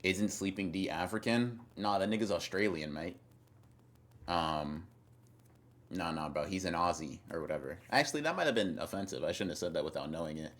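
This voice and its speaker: A man's voice: deep voice, animated, a little fast, a bit bright. A young man streaming live, reading chat and teasing viewers in a rambling, casual way with lots of fillers and repeated words.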